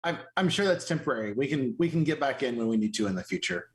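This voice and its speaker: A man's voice: mid-range voice, expressive, quick pace. A man playing a tabletop game, speaking casually and hesitantly, often repeating his words. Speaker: player.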